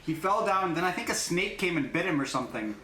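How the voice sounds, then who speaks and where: Young guy co-host, enthusiastic rambler, slightly high voice, echoey room with faint noise. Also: big pitch swings, fast talker, sharp tone. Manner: rambling, enthusiastic, lots of fillers. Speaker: podcast co-host. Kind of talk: casual chat.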